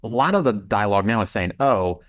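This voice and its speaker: A man interviewing a guest, asking questions in a halting, searching way. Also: fairly low pitch, very animated, lo-fi sound.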